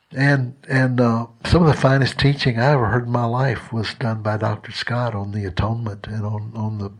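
A man delivers a sermon in a husky, slightly breathy voice at a middle pitch. He speaks conversationally and earnestly, often restarting his phrases as he works through a story, then pressing his points with emphasis. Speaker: preacher.

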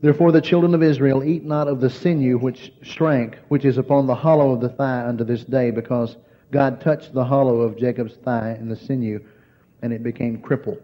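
Man preaching slowly with emphasis. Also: mid-range voice, fairly even intonation. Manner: slow, emphatic preaching that drops to a hushed voice for stories. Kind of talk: sermon. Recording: dull lo-fi recording.

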